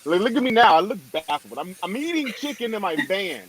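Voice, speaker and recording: Animated, self-mocking man on a video call. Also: high-pitched, fairly quick, low-quality recording. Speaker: pastor, show guest. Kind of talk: casual video-call chat.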